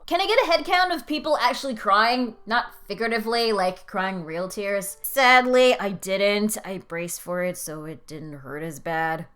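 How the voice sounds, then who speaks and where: A woman's voice: mid-range voice, moderate pace, hardly any pauses, a bit bright, smooth. A young woman hosting a video, reading fan comments in an emotional, swearing, half-sobbing manner.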